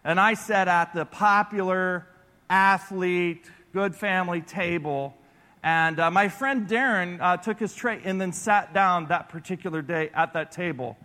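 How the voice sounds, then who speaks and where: A man preaching a sermon through animated personal stories. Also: high voice, a little slow. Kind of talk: storytelling sermon. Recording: echoey large hall.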